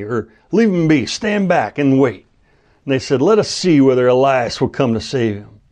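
A man preaching a sermon, teaching through a Bible passage in a measured, deliberate way and quoting scripture. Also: mid-range voice, a little mellow. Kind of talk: expository sermon.

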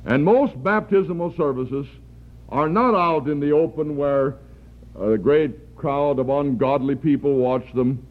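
Slow earnest preacher on a tinny recording. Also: male voice, a little high. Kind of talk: sermon. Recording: tinny phone-like archival recording.

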